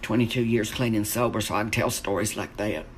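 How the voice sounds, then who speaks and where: A man's voice: lowish voice, a little fast, slight background noise. A man telling campy, chatty stories to camera from home, swearing freely. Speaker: vlogger in lockdown. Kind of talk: casual storytelling to camera. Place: at home during lockdown.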